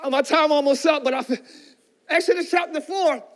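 A male pastor preaching a sermon with fervent energy, often shouting and calling out to the congregation. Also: very high voice, steady tone, brisk.

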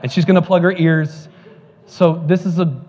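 A man's voice: a little high, steady tone, normal speed, a little mellow, long reverb tail, lo-fi sound. A male pastor preaching a sermon, telling joking stories before building to fervent preaching at a church service.

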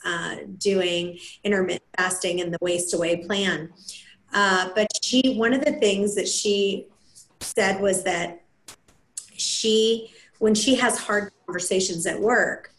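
Woman, podcast host, lively storyteller, casual chat, echoey room. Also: medium pitch.

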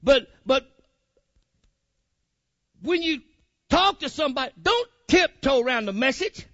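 A man's voice: extremely high pitch, expressive, a little slow, fairly bright tone, no room sound. A man preaching a sermon, fiery and colloquial, calling out to his congregation. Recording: muffled lo-fi recording.

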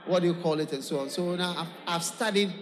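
A man's voice: sits high, a little fast, long reverb tail, voice pushed down, natural voice. A man playing an evasive young man back home from abroad, boasting with rambling, stammering excuses. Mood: boastful.

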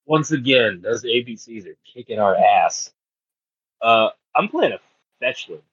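A man's voice: medium pitch, lively intonation, unhurried, a bit bright, slightly rough, no room sound, highs cut off. A man chatting casually as a player, wisecracking and laughing often. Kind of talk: casual chat.

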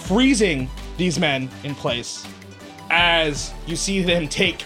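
A man's voice: on the high side, expressive, slow pace, sharp tone. A man with a slightly raised voice runs a tabletop game as game master. He describes each scene loosely, with many fillers and restarts, over faint music. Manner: rambling descriptions full of likes and uhs.

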